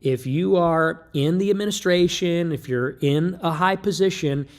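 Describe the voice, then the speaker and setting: Man, livestream monologue, emphatic and lecturing, joking asides, slightly high-pitched. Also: measured pace. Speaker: livestream commentator.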